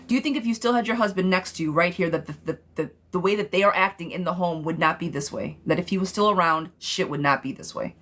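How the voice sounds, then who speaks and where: A woman's voice: lowish voice, fast, few pauses, fairly bright tone. A woman giving a live-streamed tarot reading, blunt and direct, talking casually with some swearing and calling the viewer "girl". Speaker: tarot reader.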